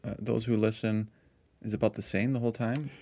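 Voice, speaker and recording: A middle-aged man co-hosting a parish podcast in relaxed casual chat, laughing easily and restarting his sentences. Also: fairly low pitch, fairly quick, dry recording.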